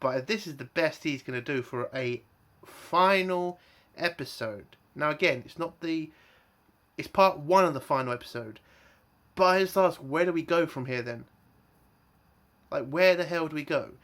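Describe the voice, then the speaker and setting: A man's voice: fairly high pitch, normal speed, fairly bright tone. A man giving an exasperated, swearing review rant full of emphatic rhetorical questions.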